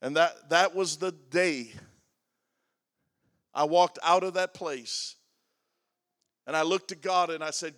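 A man in his sixties preaches a personal, confessional sermon. His voice sits a little high for a man. He swings from loud, emphatic declarations to quiet, almost whispered lines. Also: slow pace, pauses often. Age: 60s. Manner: confessional, shifting from loud emphatic to hushed and soft. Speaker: pastor.

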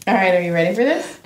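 A woman's voice: medium pitch, background noise. A woman from the United States hosting a podcast, chatting casually, joking and swearing as she tells stories. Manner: playful, joking, swearing storyteller. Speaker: podcast host. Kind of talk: casual chat. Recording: echoey room.

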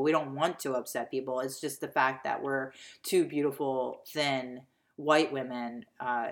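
A young woman co-hosting a casual comedy podcast, joking crudely and breaking into loud outbursts. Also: very deep voice. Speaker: podcast co-host.

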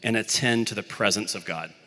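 A young man from the Birmingham, Alabama area preaches a casual, self-deprecating sermon. His lowish voice has a forceful, bright edge. A long reverb trails behind his words, as in a big hall. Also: a little fast. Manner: conversational, self-deprecating storytelling.

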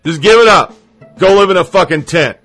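A man's voice: high-pitched, expressive, a little fast, fairly bright tone, faint music behind. A man voicing a preachy, demanding older woman with a Southern US accent, drawling and emphatic.

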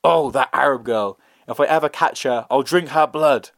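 A man voicing a hot-tempered young male restaurant owner who makes slow, drawn-out threats. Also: mid-range voice, vocal fry, dry recording, studio quality, lightly acted. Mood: vengeful.

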